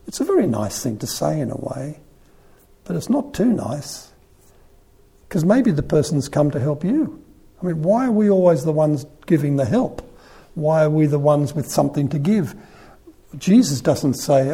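A man giving a conversational sermon, retelling a Gospel story in an animated, storytelling way. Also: a little high, normal speed, vocal fry, husky.

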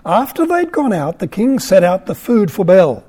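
A man's voice: high-pitched, big pitch swings, normal speed, warm tone, slightly rough. Wry man reading to a class. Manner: wry, conversational asides. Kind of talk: scripture reading with asides to a class.

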